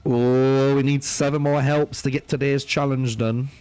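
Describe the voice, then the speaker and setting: A young man offers live commentary on his strategy game, swearing a lot and bantering trollishly with chat as he swings between fury and laughter. His medium-pitched voice is level, measured, slightly mellow and clean, with no echo.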